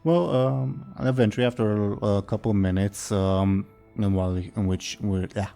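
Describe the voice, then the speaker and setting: A male game master narrates a tabletop scene in a low, mellow voice, pausing often with fillers as he goes. Soft music plays faintly beneath him. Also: steady tone, vocal fry. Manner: hesitant, many fillers.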